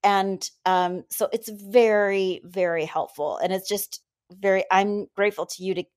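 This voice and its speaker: A woman returns as a guest on a podcast and talks eagerly and warmly about what she has gained from it. She often stops and restarts her sentences, and her voice sits at a middling pitch. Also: fairly even intonation, clean tone. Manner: eager and grateful, halting restarts. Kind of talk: casual podcast chat.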